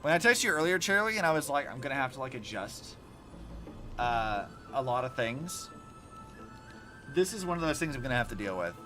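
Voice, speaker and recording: A young vtuber streamer plays a game and talks to chat, reacting in an animated way and swearing freely. His mid-range voice runs a little fast with long pauses, and faint music plays behind him.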